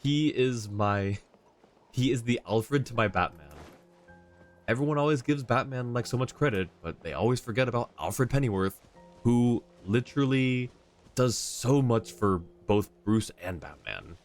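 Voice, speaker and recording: A man's voice: mid-range voice, animated, unhurried, soft background music. A man streaming a video game live, giving chatty, rambling commentary and laughing often.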